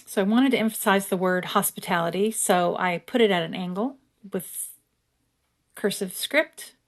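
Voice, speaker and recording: Chatty woman narrating a craft video. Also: medium pitch. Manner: relaxed, chatty, reads verses aloud slowly. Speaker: creator. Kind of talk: casual craft tutorial narration.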